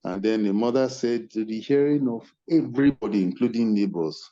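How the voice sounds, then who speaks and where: An older man speaks in a lowish voice with a mellow, dark tone, giving earnest, measured remarks as a webinar convener. His voice comes through muffled video-call audio with a dull, lo-fi edge. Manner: earnest, measured, thanks attendees by name.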